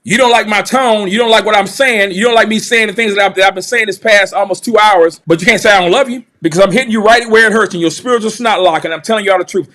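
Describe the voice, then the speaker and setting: A man's voice: sits high, fast talker, few pauses, sharp tone. A man hosting a livestream, delivering heated, confrontational commentary in a preachy way and repeating phrases for emphasis. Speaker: channel host, commentator.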